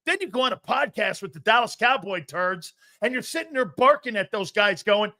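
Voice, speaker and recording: A fired-up man delivers a profane sports rant, hammering his points home with heavy emphasis. His voice sits high for a man and leaps up and down with animated swings. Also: brisk, few pauses. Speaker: sports commentator.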